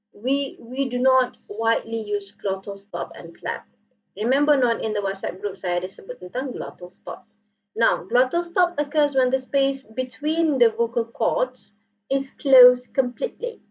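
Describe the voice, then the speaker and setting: This is a recorded online phonetics lecture by a woman with a Malaysian accent and a slightly high voice, who playfully alternates between Malay and English while demonstrating sounds. Her mic is distant and the recording sounds muffled.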